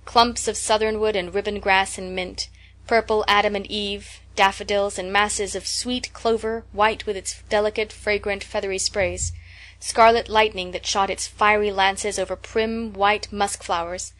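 Woman narrator, mid-pitched, measured and unhurried audiobook read. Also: little pitch movement, a bit bright. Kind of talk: audiobook reading of a classic novel.

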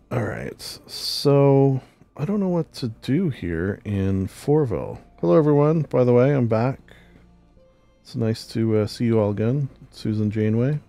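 A man's voice: lowish voice, gravelly, dark tone. A man giving casual, joking gameplay commentary, rambling and talking back to the game characters. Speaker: game streamer.

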